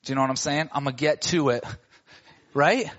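Male preacher, high voice, animated storyteller, slangy and playful, dull lo-fi recording. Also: fairly quick. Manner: animated, acts out characters in casual slang. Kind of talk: sermon storytelling.

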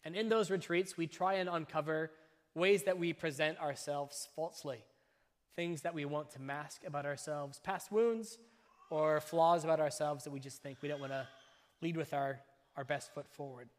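A man preaching a sermon as a pastor, with a measured, emphatic delivery that breaks his points into short, deliberate phrases. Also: fairly high pitch. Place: church. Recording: long reverb of a church hall.

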